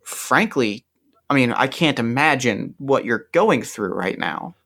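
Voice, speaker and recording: Man, player, medium pitch, casual, hesitant, describing actions in a tabletop game. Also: expressive, unhurried, fairly bright tone.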